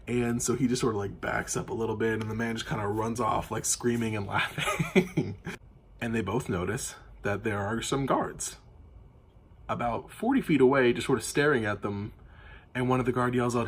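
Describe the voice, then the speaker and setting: A man's voice: medium pitch, brisk, slightly rough. A man game master recapping a tabletop campaign in casual, rambling storytelling with lots of fillers.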